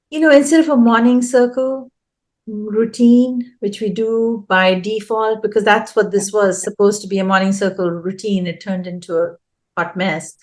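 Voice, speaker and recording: A woman's voice: mid-range voice, a little mellow. A woman guest in an interview, an early childhood education consultant explaining her advice earnestly and repeating key phrases for emphasis.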